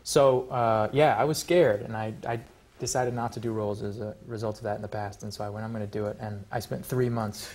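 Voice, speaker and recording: Fast-talking, animated man. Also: on the low side. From United States. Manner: animated, joking, self-mocking. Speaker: actor, talk show guest. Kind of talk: talk show interview.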